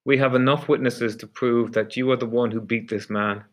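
A man's voice: mid-range voice, fairly even intonation, moderate pace, lightly acted. A man playing a tired, short-tempered police officer in a storybook reading. He is curt and insistent, pushing for a confession in plain, blunt phrases. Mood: demanding.

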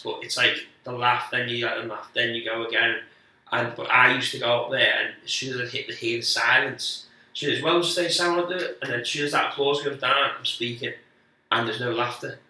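A man's voice: mid-range voice, flat delivery, normal speed, pushed and bright. Male comedian guest, rambling and sweary, recorded far off-mic in a very echoey room. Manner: rambling, sweary, frequent restarts. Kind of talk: casual storytelling chat.

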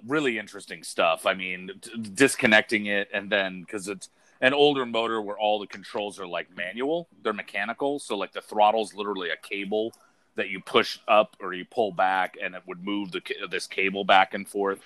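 A man in a casual chat, telling an animated story full of fillers and the word dude. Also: on the low side, moderate pace.

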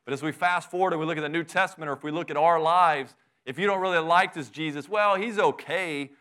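A middle-aged pastor preaches in a bright, forceful voice a little higher than most men's, steady, fast and clean in tone. Speaking conversationally to the congregation, he fires off rhetorical questions and presses his points fervently.

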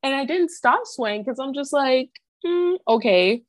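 Brief: young woman co-host, slightly high voice, rambling storyteller, dry close mic. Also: expressive, moderate pace, no echo. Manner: chatty storyteller, heavy use of "like", acts out quotes. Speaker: podcast co-host. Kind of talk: casual chat.

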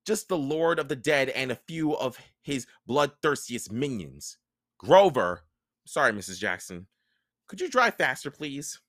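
A man voicing a nervous, touchy young male satyr with a high, hesitant voice. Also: sing-song, normal speed, pushed and bright, dry recording, clean studio sound. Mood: sulky.

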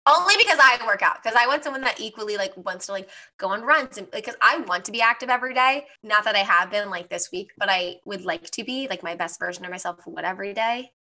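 A young woman co-hosting a podcast, chatting casually and peppering her talk with "like." Her voice is bright and forward, with an easy, everyday pitch. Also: animated, fast, few pauses. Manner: chatty, frequent "like" fillers. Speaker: podcast co-host. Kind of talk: casual chat.

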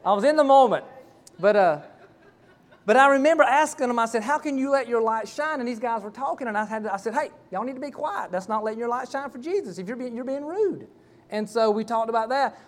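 A middle-aged man preaches from the pulpit. His voice sits high for a man. He tells his story in a folksy, rambling way, full of restarts and asides. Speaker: pastor. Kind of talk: sermon with personal story.

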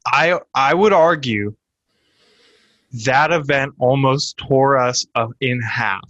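A young man co-hosts a casual comedy podcast, telling stories about himself openly and at length, full of "like" and "um." His voice sits at an ordinary male pitch, and the recording is close and dry with no room sound. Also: slow pace, a bit bright, no echo, highs cut off. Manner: candid, rambling storyteller with many fillers. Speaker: podcast co-host. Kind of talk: casual chat.

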